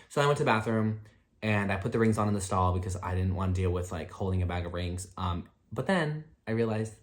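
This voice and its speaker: Chatty young man with filler-heavy rambling. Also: fast. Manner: rambling, many "like" fillers, jumps up in pitch when excited. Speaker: vlogger. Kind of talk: casual storytime chat.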